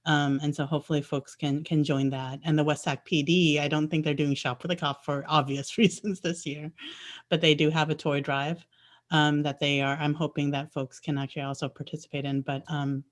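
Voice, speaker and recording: A woman's voice: sits low, little pitch movement, normal speed. A woman, a school board trustee, giving rambling thanks at a virtual meeting and often restarting her sentences. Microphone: video call.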